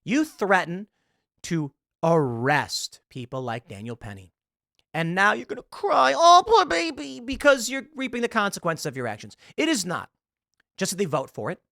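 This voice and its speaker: A man's voice: fairly high pitch, very animated, normal speed, vocal fry, bright, forceful tone, dry recording, studio quality. Sarcastic ranting man in his thirties. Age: 30s. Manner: sarcastic, ranting, mocking the article he reads aloud. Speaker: commentary show host. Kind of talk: political commentary monologue.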